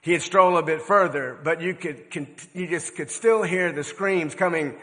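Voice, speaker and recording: Bright-voiced older preacher in a reverberant hall. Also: male voice, on the high side. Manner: earnest storytelling preacher with measured, emphatic phrasing. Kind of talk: sermon. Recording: long reverb of a large hall.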